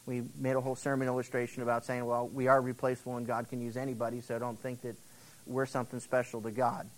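A man's voice: medium pitch, completely flat delivery, quick pace. A male pastor giving a casual, conversational sermon, retelling Bible stories and acting out the characters' words. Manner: acts out the characters' words in quotes.

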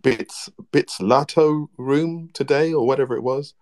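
A man joining a casual online group chat, enthusiastic but halting, with many ums and restarts. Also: mid-range voice, darkish tone. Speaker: participant in a live audio chat room.

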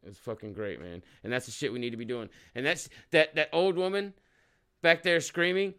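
Bright, profane ranting man. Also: on the high side, expressive, moderate pace, smooth. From Oklahoma. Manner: profane, heated, swearing freely. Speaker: show host. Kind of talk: ranting commentary on a clip.

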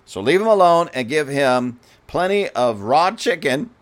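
A man's voice: a little high, very animated, measured pace. A man voicing a folksy male fox who writes a mock-official note, chuckling as he goes.

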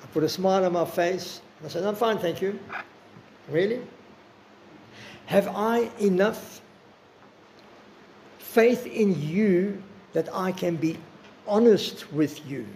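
An older man preaching with earnest, personal warmth, his voice a little high with a gravelly edge. He slows down to stress his words. Faint room noise sits under the recording. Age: 60s. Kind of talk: sermon.

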